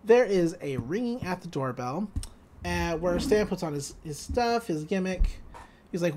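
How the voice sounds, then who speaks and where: A woman's voice: lowish voice, slight background noise. Giggly woman retelling a cartoon episode. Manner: giggly, animated retelling with quick voices for quotes. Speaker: podcast co-host. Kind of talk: casual episode recap.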